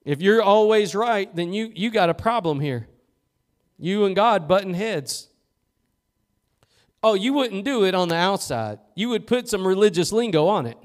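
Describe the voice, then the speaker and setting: A man preaching a sermon as pastor in a church, fervent and swinging from loud to hushed. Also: sits high, expressive, moderate pace. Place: church sanctuary.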